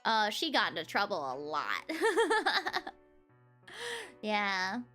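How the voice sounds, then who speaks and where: A woman's voice: mid-range voice, huge pitch swings, extremely slow, pushed and bright, faint music behind. A young woman, streaming and chatting casually, giggling often between phrases. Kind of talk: casual livestream chat.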